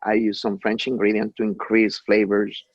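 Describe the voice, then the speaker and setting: A man from Mexico, a chef, telling stories in an interview, halting with restarts and acting out the lines of others. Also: lowish voice, monotone, husky, no room sound, lo-fi sound. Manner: anecdotal, acts out quoted dialogue, halting with many restarts. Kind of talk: conversational interview.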